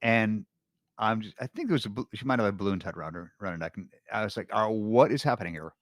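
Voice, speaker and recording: Man, middle-aged, podcast guest, rambling storyteller, lowish voice, dry sound. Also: fast, a bit bright, no echo. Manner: rambling, full of restarts and fillers. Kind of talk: casual storytelling chat.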